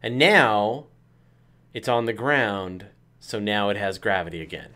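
A man's voice: on the low side, measured pace, bright, forceful tone. A man hosting a casual movie-riffing chat, asking wry questions and laughing often. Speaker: host.

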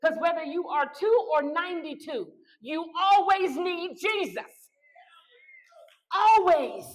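High-voiced woman preaching a sermon. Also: expressive, measured pace, poor audio. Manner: preaching with rising shouted declarations. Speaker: pastor.

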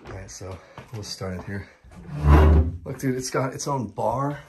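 A man from the United States vlogging a casual walk-through of a big rental house, chatty and excitable, talking to viewers as guys and breathing a little heavily. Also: fairly low pitch, measured pace, background noise. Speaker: vlogger giving a house tour. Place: large rental house indoors.

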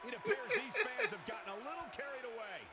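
A man's voice: very high voice, big pitch swings, quick pace, vocal fry, full character voice. A man voicing a dry, sardonic wrestling broadcast commentator in scripted play-by-play commentary. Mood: wry. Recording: game audio with crowd noise.

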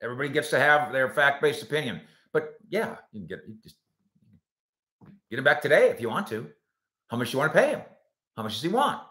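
A man's voice: medium pitch, big pitch swings, a little fast, pauses often, pushed and bright, echoey room. A man hosting a live sports show, reading viewer comments aloud and answering them with wisecracks. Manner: wisecracking, puts on silly voices for comments.

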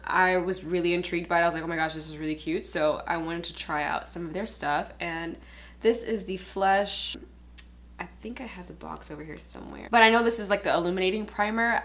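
A woman's voice: on the low side, fairly bright tone, a little hiss or hum. A young woman chatting casually while doing her makeup, emotional and tearful, laughing nervously through it. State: crying. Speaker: beauty vlogger. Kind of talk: casual get-ready-with-me chat.

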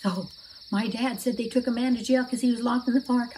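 Woman storyteller, children's story, fairly high voice, faint crickets behind. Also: steady tone, a little fast, slight background noise, rough recording. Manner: asks listeners questions, acts out characters' shouts.

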